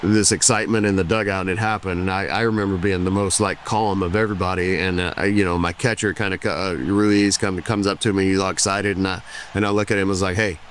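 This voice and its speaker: A man in his forties, a former baseball pitcher, answering interview questions in a laid-back, reflective way with frequent restarts. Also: level tone, quick pace, a little hiss or hum. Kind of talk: casual interview.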